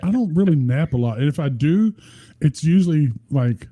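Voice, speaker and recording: A man's voice: fairly high pitch, lively intonation, moderate pace, mellow, no echo. Profane joking man with a drawl. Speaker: podcast co-host. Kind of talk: casual chat.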